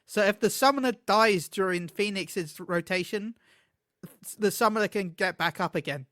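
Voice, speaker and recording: A man with a high, bright voice chats about games with eager excitement, laughing often and stumbling over his words. The sound is close and dry, with no room echo. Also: normal speed. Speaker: podcast co-host. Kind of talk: casual gaming chat.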